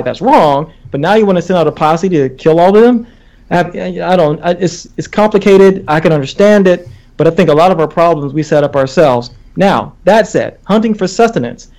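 A man with a high-pitched voice debates in a loose, animated chat. He speaks emphatically and philosophizes at length. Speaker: vegan guest.

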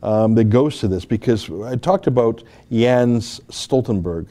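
Man, studio host, dark mellow tone, argues his points hard, lots of "uh" and restarts. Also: medium pitch, expressive, unhurried. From Alberta, Canada. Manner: emphatic, argumentative, with frequent fillers and restarts. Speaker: political commentary host. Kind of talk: opinionated commentary.

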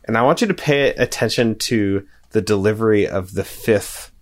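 A man's voice: lowish voice, moderate pace. A man co-hosting a casual music podcast, talking in a playful, amused way and laughing often. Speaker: podcast co-host. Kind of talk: casual chat about music.

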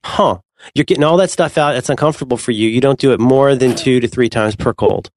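A man co-hosting a podcast, chatting casually with animated, rambling, playful storytelling. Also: medium pitch, a little fast, a little hiss or hum. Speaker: podcast co-host. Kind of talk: casual chat.

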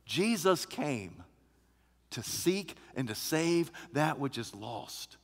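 A man preaching a sermon as pastor, shifting from quiet teaching to loud, emphatic proclamation. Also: a little high, sing-song, slow pace, vocal fry, long reverb tail.

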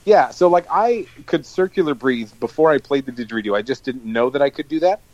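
A man co-hosting a podcast, telling a long story in an animated, swearing casual chat. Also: medium pitch, brisk, muffled recording. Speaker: podcast co-host.

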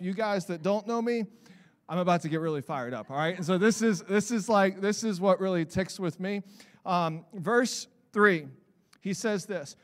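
A male pastor preaching to his congregation with a high, light voice. He swings between quiet, reflective asides and fired-up bursts, sometimes shouting a point home or mimicking people for effect. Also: long reverb tail. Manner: animated preaching, builds to shouts, mock voices for examples. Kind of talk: sermon. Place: church sanctuary.

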